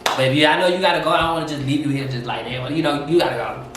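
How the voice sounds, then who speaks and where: A man's voice: on the high side, rapid-fire, background noise. A man talking openly and animatedly at home, telling stories and acting out quotes. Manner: open, animated storytelling with acted-out quotes. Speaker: co-host. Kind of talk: casual chat. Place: home kitchen. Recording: echoey room, mic far off.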